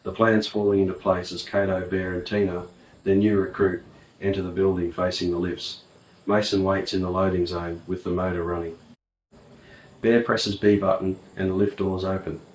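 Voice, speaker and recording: A man reading an audiobook in a plain, even way. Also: deep voice, moderate pace, a little hiss or hum. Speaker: audiobook narrator. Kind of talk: audiobook narration. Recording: roomy, distant mic.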